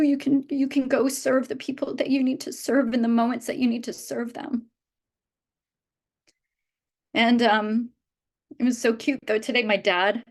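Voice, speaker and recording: Earnest, higher-voiced woman in her fifties. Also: gravelly. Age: 50s. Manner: earnest and heartfelt, with frequent restarts. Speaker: business team leader speaking to her team. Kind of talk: motivational talk to a live audience. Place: event room with a live audience.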